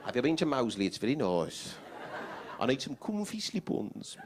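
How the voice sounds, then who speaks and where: A man's voice: medium pitch, very animated, normal speed, crowd noise, background noise, natural voice. A man voicing a bumbling, chatty shopper oblivious to how he comes across. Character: bumbling would-be terrorist buying shoes.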